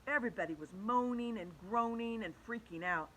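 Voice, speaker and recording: A woman reading a children's chapter book aloud, animated and changing her voice for the characters. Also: on the high side, brisk, slight background noise, rough recording. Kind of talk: storybook read-aloud.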